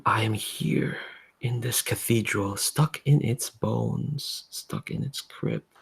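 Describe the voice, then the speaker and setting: Guy doing a creepy coaxing spirit stuck in a crypt, gravelly and slow. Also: lowish voice, exaggerated voice. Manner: soft, slow, sweet-talking. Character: trapped cathedral spirit, coaxing and seductive.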